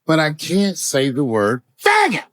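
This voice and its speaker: A man doing a stand-up comedy set, telling profane stories with big swings in pitch and volume. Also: huge pitch swings, measured pace, dry recording, low-quality recording. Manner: profane storytelling with wide swings in pitch and loudness. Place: comedy stage.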